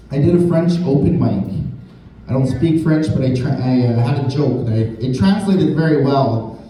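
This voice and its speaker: A man's voice: medium pitch, warm tone. A man from Canada doing a crude, rambling stand-up set, swearing a lot. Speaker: stand-up comedian. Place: large indoor hall, live show. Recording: echoey hall from far off, crowd noise. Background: audience laughter.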